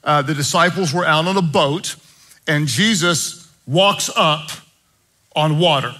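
A man preaching a sermon as pastor, earnest, moving between hushed prayer and animated storytelling. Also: a little high, unhurried, low-quality recording.

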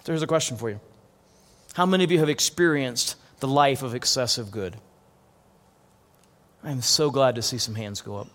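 A man's voice: medium pitch, moderate pace, pauses often, a bit bright. A man preaching a sermon as pastor, earnest, often restarting and repeating words. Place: church hall. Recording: long hall reverb.

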